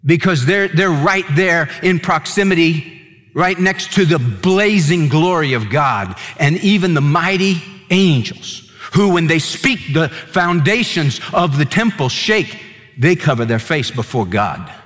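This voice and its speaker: A man pastor preaching an earnest sermon, his fairly high voice carried by a long reverb. He slows and sinks low to press home key words. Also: lively intonation, fairly bright tone.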